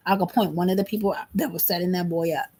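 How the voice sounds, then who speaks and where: A woman's voice: fairly low pitch, steady tone, quick pace, darkish tone, breathy edge. A woman in her thirties venting to camera in an emphatic, repetitive, agitated monologue. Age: 30s. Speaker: vlogger.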